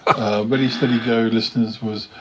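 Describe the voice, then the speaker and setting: A man's voice: mid-range voice, level tone, normal speed, fairly bright tone, slight background noise, rough recording. A man chatting casually as podcast co-host, hesitant and restarting often. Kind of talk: casual chat about old TV.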